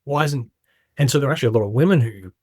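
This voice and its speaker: A man's voice: medium pitch, expressive, racing, dark tone, breathy edge, no echo, studio quality. A middle-aged man candidly recounting his story in a casual interview, acting out quoted voices as he goes. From Australia. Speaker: guest.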